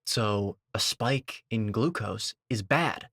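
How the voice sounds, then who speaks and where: A man commenting on a video, lecturing and sarcastic, with sudden high-pitched outbursts. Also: slow pace, gravelly, fairly bright tone, dry recording.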